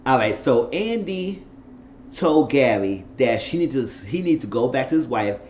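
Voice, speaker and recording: A man giving a casual spoken recap of a TV episode, chatty and animated, slipping into voices to act out what the characters said. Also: medium pitch, a little slow. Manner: chatty, acts out characters' lines in exaggerated voices. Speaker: TV series recapper. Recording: roomy, slightly dull home recording with faint noise.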